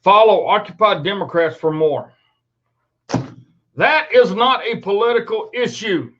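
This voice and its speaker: Man, angry rant, swearing, fairly high voice, muffled lo-fi sound. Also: a little slow. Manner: indignant, swearing, emphatic. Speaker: host. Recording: dull lo-fi recording.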